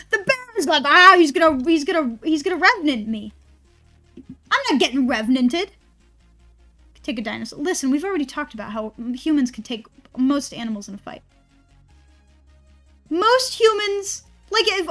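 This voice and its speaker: A woman's voice: sits high, a bit bright. A woman streamer in casual stream chat, ranting and rambling with a lot of swearing.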